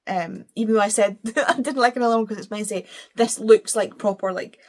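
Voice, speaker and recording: A woman's voice: mid-range voice, a little fast, darkish tone. Opinionated woman chatting about book covers. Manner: opinionated, gushing, self-deprecating. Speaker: book reviewer. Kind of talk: casual chat.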